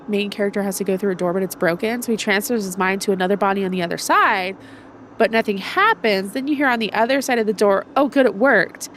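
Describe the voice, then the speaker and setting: A woman's voice: on the high side, fairly bright tone, a little hiss or hum. A young woman streaming a video game, congested and chatting in a rambling way with her viewers. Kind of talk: casual let's-play commentary.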